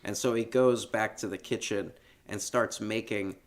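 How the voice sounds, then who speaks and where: Relaxed low-voiced man recapping a movie. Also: moderate pace. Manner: relaxed storytelling, laughs often, swears casually. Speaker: podcast co-host. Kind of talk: casual film recap chat.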